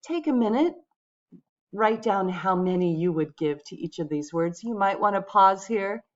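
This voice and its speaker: A woman teaching English pronunciation, speaking patiently and clearly to her viewers. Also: fairly low pitch, highs cut off. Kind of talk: pronunciation lesson.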